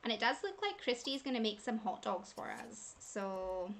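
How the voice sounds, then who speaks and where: A woman's voice: medium pitch, sing-song, normal speed, vocal fry, fairly bright tone, slight background noise. Chatty woman narrating her game. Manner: chatty, talks to her game characters, laughs often. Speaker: gaming channel host. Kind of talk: casual gameplay commentary.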